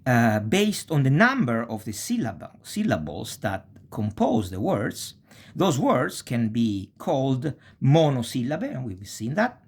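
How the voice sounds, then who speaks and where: A man teaching a language lesson, speaking slowly and deliberately and often checking in with "eh?". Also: mid-range voice, sing-song, husky. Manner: slow and deliberate, frequent checking tags like "eh?". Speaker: Italian teacher.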